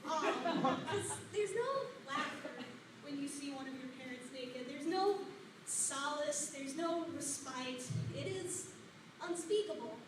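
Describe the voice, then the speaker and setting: A woman performing a dry, wordy deadpan stand-up set at an open mic. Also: high voice, slow pace. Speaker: stand-up comedian. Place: open mic comedy room. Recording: echoey room from far off, noisy.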